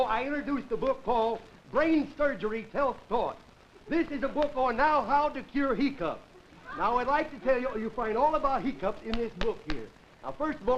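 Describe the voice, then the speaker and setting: A man doing a rambling comedy monologue, stopping to laugh at his own jokes. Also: very high-pitched. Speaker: comedian host. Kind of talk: stand-up comedy monologue with character bits. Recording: dull early 1950s television audio, loud audience laughter and noise. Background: studio audience laughing.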